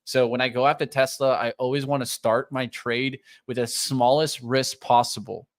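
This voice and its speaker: A man's voice: medium pitch, little pitch movement, moderate pace. A man co-hosting a live trading show, giving running play-by-play of price moves and his trades. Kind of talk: live market commentary.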